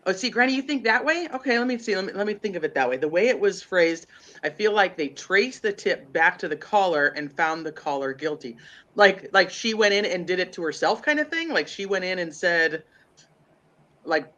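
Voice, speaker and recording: A man's voice: high voice, expressive, moderate pace, pushed and bright, muffled recording. A congested man co-hosting a true crime livestream, rambling and thinking aloud with lots of fillers. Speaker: livestream co-host.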